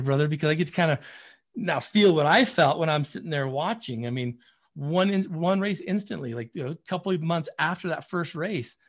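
A man, a running coach, telling stories as a podcast guest in an animated way, often repeating words as he gets excited. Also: a little high. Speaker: running coach and program founder.

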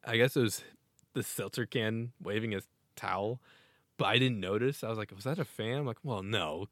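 A man chatting casually on a podcast, his voice sitting a little low. He rambles excitedly and often breaks into laughter. The recording is dry and close, with no room sound. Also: normal speed, dry recording. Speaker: podcast co-host. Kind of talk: casual sports chat.

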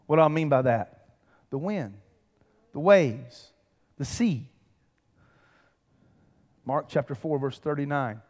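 A man preaches from the pulpit in a fairly high voice, rising into emphatic swells and turning to the congregation with direct calls. His voice carries a long reverb from the large sanctuary around him. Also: slow pace, pauses often, a little mellow. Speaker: pastor. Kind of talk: sermon. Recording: long reverb of a big hall.

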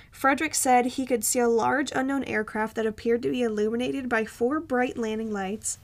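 Gravelly high-voiced woman telling a story. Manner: rambling with frequent ums and restarts. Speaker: podcast co-host. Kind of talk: casual storytelling chat.

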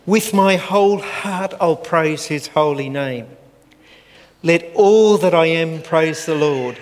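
An older man preaching a sermon, slow and earnest as he reads scripture aloud. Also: on the high side. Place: church hall. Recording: long church hall reverb, faint room noise.

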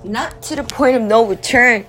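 A woman speaking slowly in an emotional personal monologue, grieving and tearful, often dropping to a near whisper. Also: on the high side, a bit bright, soft background music. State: tearful, in grief.

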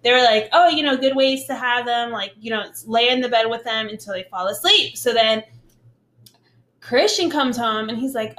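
A woman's voice: on the high side, expressive, moderate pace, fairly bright tone. A young woman co-hosting a casual podcast, telling a story and acting out quoted dialogue, laughing often. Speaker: podcast co-host.

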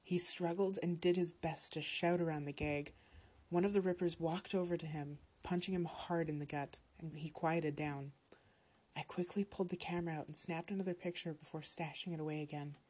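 A woman reads a horror story aloud in a steady, measured way. Her voice sits low and carries a husky grain. She keeps the telling calm and even. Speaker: story narrator.

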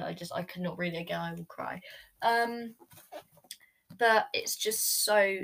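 A woman's voice: mid-range voice, gravelly, fairly bright tone, poor audio. Woman, book vlogger, casual chat, gushing, rambling, lots of fillers, recorded on her bed. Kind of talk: casual book ranking vlog. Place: bedroom, sitting on her bed. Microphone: camera recording.

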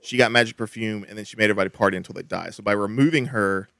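A man's voice: lowish voice, very fast, creaky, fairly bright tone, no room sound. Chatty man hosting, dry sound. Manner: chatty, many restarts and laughs. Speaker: podcast host. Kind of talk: casual chat.

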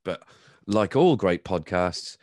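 A man's voice: low-pitched, lively intonation, takes it slowly, darkish tone, dry recording, clean studio sound. A man co-hosting a podcast, chatting casually in a jokey, sweary way. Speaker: podcast co-host.

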